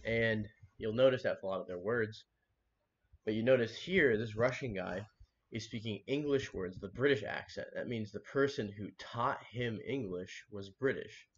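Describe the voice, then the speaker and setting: A man's voice: lowish voice, moderate pace. A man live-streaming his reaction to a video, rambling casually with many fillers and restarts. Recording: dull lo-fi mic with faint noise.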